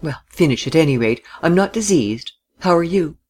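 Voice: mid-range voice, expressive, moderate pace, a little mellow, voice pushed up, lightly acted. A reader voicing a restless young man who answers with light, teasing retorts in a storybook reading.

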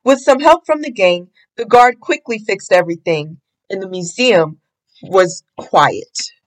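A woman reading a children's storybook aloud in an expressive, sing-song way. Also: mid-range voice, measured pace, poor audio. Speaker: storybook reader.

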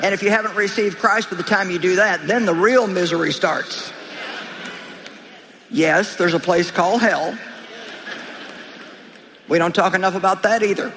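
A woman preacher with a fairly low, fairly bright voice speaks at a moderate pace with long pauses, addressing her congregation directly in an emphatic, exhorting sermon. She's in a large hall with a live congregation, so there's hall reverb and crowd sound plus a little hiss or hum.

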